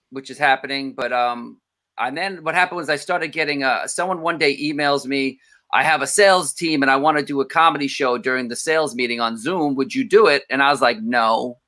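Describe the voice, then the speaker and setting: A man in his thirties, a comedian guest on a casual podcast, telling stories with lively quoted voices. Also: a little high. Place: home, remote call.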